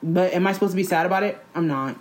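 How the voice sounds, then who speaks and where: A young woman talks in a casual chat, blunt and animated. Her voice sits a little low for a woman. She fills her talk with slang and "like". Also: very fast.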